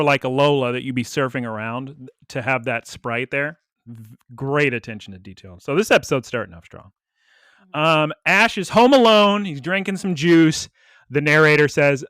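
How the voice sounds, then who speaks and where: A man's voice: fairly high pitch, clear, resonant tone, no echo, studio quality. Upbeat man chatting on a podcast. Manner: animated retelling with quick quoted voices and laughs. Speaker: podcast co-host. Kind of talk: casual podcast chat recapping an episode.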